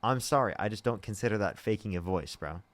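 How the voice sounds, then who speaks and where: A man's voice: lowish voice, animated, fast. A young man hosting a live debate stream, arguing and pressing his guest with repeated questions. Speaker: debate show host.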